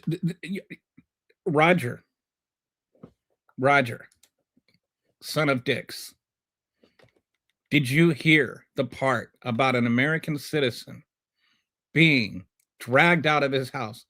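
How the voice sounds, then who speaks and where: Man, higher-pitched voice, sarcastic, combative, livestream commentary, answering chat, rambling restarts. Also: takes it slowly, pauses often, fairly bright tone. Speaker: livestream show host.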